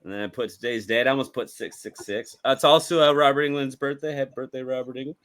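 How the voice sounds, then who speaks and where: A man co-hosting a laid-back movie review podcast. He jokes, laughs a lot and swears casually. His voice sits at an ordinary middle pitch. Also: steady tone, fast, a bit bright. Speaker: podcast co-host.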